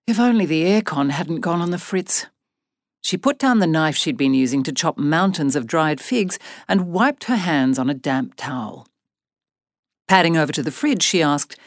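A woman's voice: on the low side, moderate pace, no room sound, studio quality. A woman reading an audiobook novel aloud in a scripted narration style, lightly voicing the characters. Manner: expressive, voices characters lightly.

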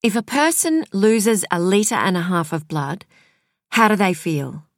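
A woman's voice: mid-range voice, animated, measured pace, no room sound, studio quality. A woman reading an audiobook, voicing a female detective who asks direct, probing questions. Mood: businesslike. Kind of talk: audiobook character voice.

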